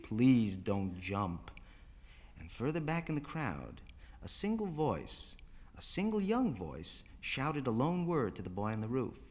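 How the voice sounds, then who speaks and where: A man narrating a story aloud with animated, dramatic delivery. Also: medium pitch, moderate pace. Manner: animated, voices characters.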